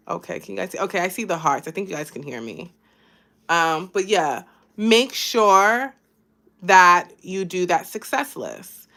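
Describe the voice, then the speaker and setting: A woman at an ordinary mid pitch hosts a casual live stream as a life coach. She talks loosely and warmly to her viewers, encouraging them and thanking people by name. Her delivery is relaxed and conversational. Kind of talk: casual motivational live chat.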